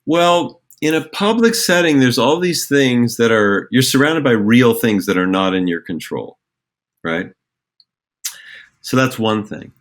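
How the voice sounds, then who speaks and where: A man's voice: medium pitch, lively intonation, measured pace. A middle-aged man, a theater director, explaining acting ideas in a reflective, rambling way with many fillers and restarts. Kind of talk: conversational podcast explanation.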